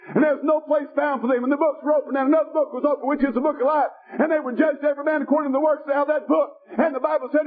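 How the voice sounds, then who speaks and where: Shouting preacher, tinny sound. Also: male voice, extremely high pitch. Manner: shouting, rhythmic preaching with folksy grammar. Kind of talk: fiery revival sermon. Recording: tinny phone-like audio.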